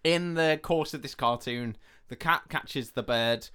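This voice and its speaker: A man's voice: mid-range voice, a little slow, bright, forceful tone, smooth. A man co-hosting a podcast, retelling a film in a laid-back way with dry asides. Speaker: podcast co-host. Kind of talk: casual comedic retelling.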